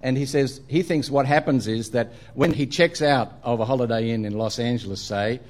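Australian male preacher, middle-aged, mid-pitched, loose anecdotal sermon delivery. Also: moderate pace, darkish tone. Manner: humorous storytelling, frequent ums and uhs.

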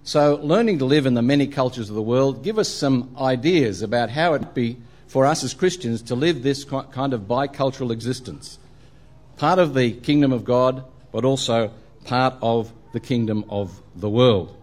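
Australian male preacher, middle-aged, mid-pitched, loose anecdotal sermon delivery. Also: normal speed, darkish tone. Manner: humorous storytelling, frequent ums and uhs.

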